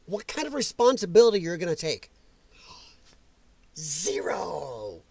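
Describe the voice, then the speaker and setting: A man's voice: high voice, big pitch swings, a little slow, vocal fry, a little mellow, slightly rough, dry recording. A man hosting a political commentary livestream, ranting in a heated, sarcastic and mocking way. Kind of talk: livestream rant.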